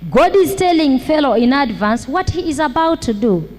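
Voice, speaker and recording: Woman pastor preaching in a church hall, high voice, lots of reverb, hammers each point over and over. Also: expressive, darkish tone. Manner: slow, repetitive emphatic preaching with rhetorical questions. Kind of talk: sermon.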